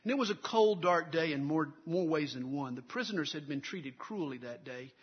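Brief: male pastor, high-pitched voice, dramatic sermon storytelling with big swells, dull muffled recording. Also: lively intonation, moderate pace, slightly rough. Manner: dramatic storytelling, swells loud then drops low.

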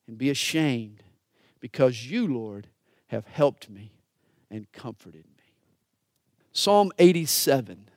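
A man preaching a sermon, dropping to a hush and then rising to fervent, pleading prayer. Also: on the high side, dry recording, studio quality. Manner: dramatic preaching, swinging from hushed to fervent.

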